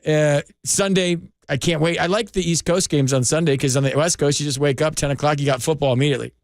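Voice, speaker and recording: A man's voice: fairly high pitch, steady tone, quick pace, dry recording. A man hosting a late-night sports call-in radio show, talking in an earnest, rambling, heartfelt way from a studio microphone.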